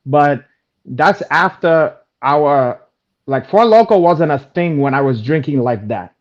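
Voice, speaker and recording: A man's voice: on the high side, animated, slow. A man co-hosting a casual chat show, joking and rambling in streetwise slang. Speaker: co-host. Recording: dull lo-fi stream audio.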